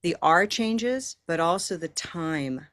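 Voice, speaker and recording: A woman's voice: lowish voice, expressive, fairly bright tone. American woman teaching pronunciation. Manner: encouraging, models phrases slowly. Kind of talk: online class instruction. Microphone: video call.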